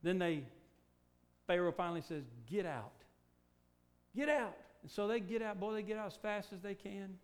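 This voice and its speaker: A male preacher with a high voice delivers a sermon, firing rhetorical questions at his listeners. He punches key words loudly, then drops low and quiet to press a point home. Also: fairly even intonation, fairly quick. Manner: emphatic, rhetorical questions, big swings in loudness.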